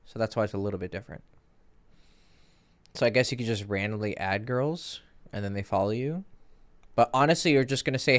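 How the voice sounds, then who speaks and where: This is a man in his thirties with a lowish, smooth, clear voice. He talks in a candid, rambling way, full of fillers and restarts, as a dating coach answering questions on a casual livestream. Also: fairly quick, pauses often.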